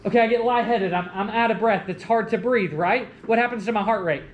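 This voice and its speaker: A young man giving a lively college lecture, joking and asking the class questions. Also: high-pitched, brisk, muffled recording. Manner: animated, jokey, asks the class questions. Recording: echoey classroom with faint room noise.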